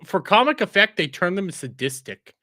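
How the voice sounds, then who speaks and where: A man speaking as a guest on a casual review panel, animated as he retells scenes with acted-out asides. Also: high voice, normal speed, no room sound.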